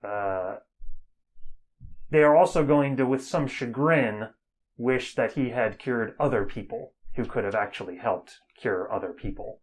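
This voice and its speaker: A man narrating as the game master of a tabletop game, relaxed and full of fillers. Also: medium pitch, measured pace, low-quality recording.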